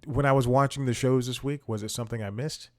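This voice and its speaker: A man's voice: mid-range voice, steady tone, fast, darkish tone. This is a man with a mid-range voice hosting a comedy podcast. He talks in a loose, rambling monologue. He mocks himself and drops in small chuckles as he goes. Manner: rambling, self-mocking, chuckles between sentences.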